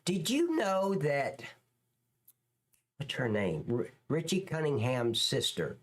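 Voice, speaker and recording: A man hosting a live stream in a loose, rambling chat, swearing freely and answering comments from viewers. His pitch swings widely from line to line. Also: sing-song, slow pace.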